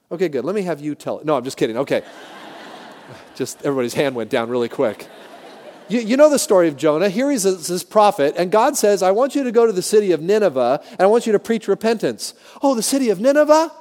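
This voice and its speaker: Male pastor, high pitch, emphatic sermon delivery, church sanctuary echo. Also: a little mellow. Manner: emphatic, addresses the congregation directly.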